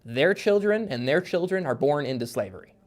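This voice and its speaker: A man's voice: on the high side, animated, fairly quick. A man in casual podcast chat, a guest author explaining at length with lots of fillers and restarts. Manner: rambling, filler-heavy explaining.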